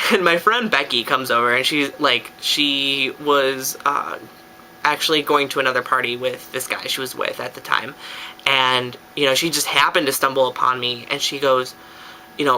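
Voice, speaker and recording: Young guy vlogging, super chatty, says like constantly, bright edgy voice. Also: mid-range voice, a little slow, slight background noise. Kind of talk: casual storytelling to camera.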